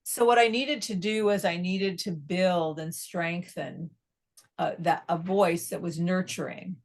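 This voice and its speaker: A middle-aged woman, a psychotherapist being interviewed, explaining in a measured way and often checking in with "right?". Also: on the low side, fairly even intonation. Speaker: psychotherapist guest.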